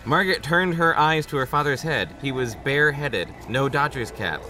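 A man reading a children's horror story aloud in a casual group, animated and quick to react. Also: mid-range voice, slight background noise. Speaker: reader in a group read-aloud.

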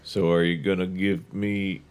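A man voicing a dim, sly teenage boy with a low, sleepy Southern drawl while reading a book aloud. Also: little pitch movement, a little slow, darkish tone, clean tone. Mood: lazy. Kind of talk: comic book reading with voices.

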